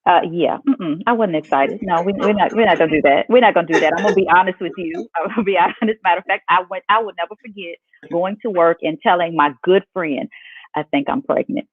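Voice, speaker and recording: A woman hosting a podcast, telling a personal story in an animated way and laughing as she goes. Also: fairly low pitch, fast talker, breathy edge, no room sound. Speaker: podcast host. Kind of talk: casual interview chat. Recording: tinny phone-like dry audio.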